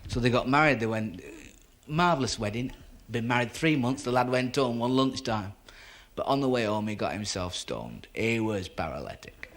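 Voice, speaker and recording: Brief: male comic, mid-pitched, spins a drawn-out story gag with character voices. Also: a bit bright. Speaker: stand-up comedian. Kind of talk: stand-up storytelling joke.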